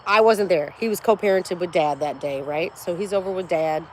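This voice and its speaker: A woman in her forties hosts a livestream, chatting casually with blunt, profane humor and animated storytelling. Her voice sits fairly low and moves a little fast, with a faint hiss or hum in the background.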